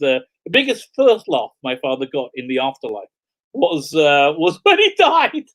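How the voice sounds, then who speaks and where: A man's voice: high-pitched, a bit bright. Rambling, laughing middle-aged man. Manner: rambling, laughs often, many fillers and restarts. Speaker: rabbi and show host. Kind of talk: casual storytelling livestream.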